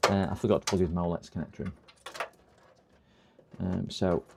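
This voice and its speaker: A man's voice: low voice, steady tone, moderate pace, creaky, a little hiss or hum. A man chatting on a live repair stream, muttering to himself as he works and poking fun at his own mistakes. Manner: chatty, muttering while working, self-mocking.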